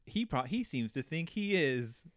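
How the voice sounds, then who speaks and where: A man hosting a casual book discussion, animated and quick to act out quotes. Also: a little high, no echo, studio quality. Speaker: podcast host.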